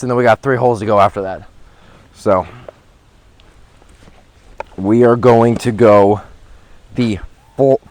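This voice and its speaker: A man vlogging a round on an outdoor disc golf course, chatting and rambling on a handheld camera, with excited outbursts at his throws. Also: medium pitch. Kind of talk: casual commentary while playing. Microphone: handheld camera without a gimbal.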